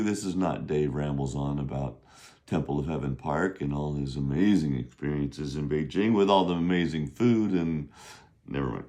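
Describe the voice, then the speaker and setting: A man's voice: a bass voice, moderate pace, dark tone. A middle-aged man teaching a casual video lesson on Chinese, chatty and rambling, often checking in with "right?".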